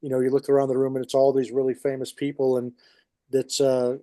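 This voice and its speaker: New York man, mellow, dry sound. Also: medium pitch, completely flat delivery, brisk, no echo. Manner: rambling storyteller, many restarts. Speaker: podcast co-host. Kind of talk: casual chat.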